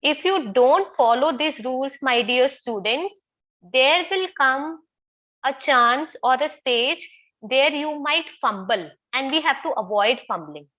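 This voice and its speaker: A woman's voice: sits high, animated, slow pace, a bit bright, highs cut off. A woman with an Indian English accent teaching a public speaking class online, often asking the students questions and repeating her points. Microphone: video call.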